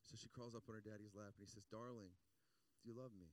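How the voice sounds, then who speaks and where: A man preaching a sermon as pastor, with a low voice picked up from some distance away. He tells his story with repeated phrases and builds into pleading rhetorical questions. He drops softer when quoting the people in his story. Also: fairly even intonation, quick pace.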